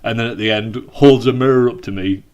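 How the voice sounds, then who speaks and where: A man co-hosting a podcast over a Skype call. His talk is rambling and dry, full of swearing and quick laughs. His pitch sits at an average level for a man. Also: darkish tone, muffled recording. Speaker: podcast co-host. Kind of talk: casual banter.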